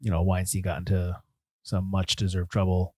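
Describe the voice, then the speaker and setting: A man's voice: low voice, monotone, moderate pace, dark tone, no room sound. A man co-hosting a film podcast in casual chat, jokey and rambling, often laughing. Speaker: podcast co-host.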